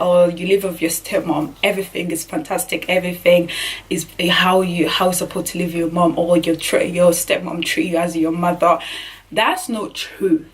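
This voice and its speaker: A woman's voice: lowish voice, recorded from a distance. A young woman from Burundi telling a personal story in a vlog, earnest and emotional, often restarting her sentences. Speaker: vlogger.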